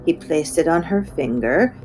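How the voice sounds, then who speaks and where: A woman reading a children's book aloud with expressive storytelling. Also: low-pitched, normal speed, faint music behind, poor audio. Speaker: reader.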